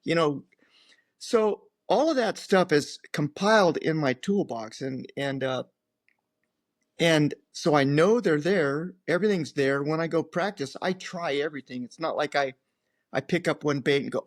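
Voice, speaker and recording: Animated older man telling fishing stories. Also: on the high side, measured pace, dry recording, clean studio sound. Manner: rambling, animated, acts out others' lines. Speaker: guest, professional angler. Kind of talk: casual interview storytelling.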